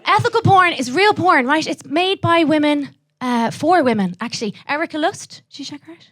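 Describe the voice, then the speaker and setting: A young Irish woman doing a live stand-up set, brash and profane, throwing quick asides to the audience. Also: sits high, expressive, fairly bright tone. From Ireland. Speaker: stand-up comedian.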